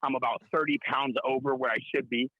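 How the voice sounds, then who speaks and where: A man in his thirties from Southern California, calling in as a guest and telling boastful comic stories with brash, rapid-fire bravado. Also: mid-range voice, steady tone, slightly rough, dry recording, narrow, tinny audio. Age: 30s. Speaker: call-in guest.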